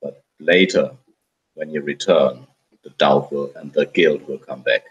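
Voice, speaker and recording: A man's voice: extremely low pitch, measured pace, muffled recording. A man narrating in a tabletop story game, hesitant and searching for words. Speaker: player.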